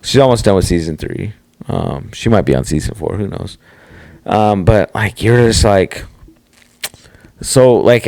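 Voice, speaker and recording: A man's voice: fairly low pitch, unhurried, long pauses, no echo. A man in his forties hosting a podcast, telling rambling, profane stories in casual chat. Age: 40s. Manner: rambling, profane, animated storytelling. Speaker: podcast host.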